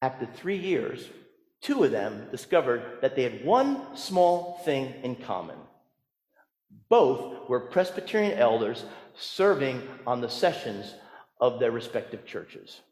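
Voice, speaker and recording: A man, a pastor, preaching a sermon in a storytelling way, moving between hushed asides and emphatic lines. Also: mid-range voice, very animated, a little slow, reverberant, in a large hall.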